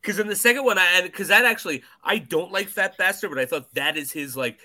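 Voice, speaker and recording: A man's voice: high voice, quick pace, bright, forceful tone. A man hosting a podcast who rambles casually, steering the talk with many fillers and restarts. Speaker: podcast host. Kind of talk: casual chat.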